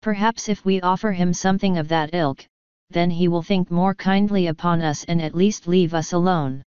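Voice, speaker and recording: Woman reading a firm young witch girl, matter-of-fact, smooth low voice, storybook, dull lo-fi sound. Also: steady tone, normal speed, a little mellow, no echo, close to an everyday voice. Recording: dull lo-fi audiobook recording.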